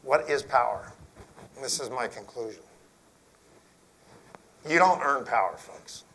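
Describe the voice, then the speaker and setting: Middle-aged male speaker, folksy earnest storyteller, mid-range pitch. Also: expressive, a little slow, low-quality recording. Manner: folksy, earnest, drops to a hushed tone for emphasis. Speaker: Air Force general giving a talk. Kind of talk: storytelling talk to school principals.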